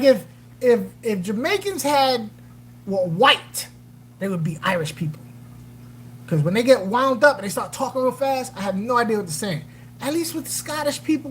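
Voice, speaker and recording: Chatty woman livestream host, slightly high. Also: slight background noise, rough recording. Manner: rambling, reads out and answers viewer comments; animated, jokey, trails off with fillers. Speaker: aquarium channel livestream host. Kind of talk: casual livestream chat.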